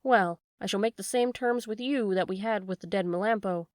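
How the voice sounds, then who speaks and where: A woman's voice: mid-range voice, fairly quick, no room sound, clean studio sound, lightly acted. A woman voicing a sly female weasel who talks sweetly and coaxingly in a storybook reading.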